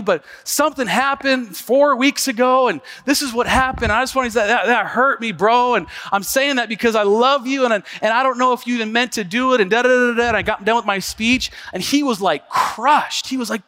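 A male pastor preaching from the pulpit, his voice high and bright. He talks to the congregation like friends, breaking into loud acted-out quotes and jokes before settling back into earnest teaching. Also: fairly quick, hardly any pauses. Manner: animated, acts out quotes with big jumps in pitch and volume; conversational, jokes and asides to the congregation. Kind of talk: sermon. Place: church sanctuary.

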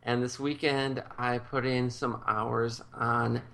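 A man's voice: mid-range voice, little pitch movement, slow, creaky, a bit bright. A man co-hosting a podcast in easygoing casual chat. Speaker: podcast co-host.

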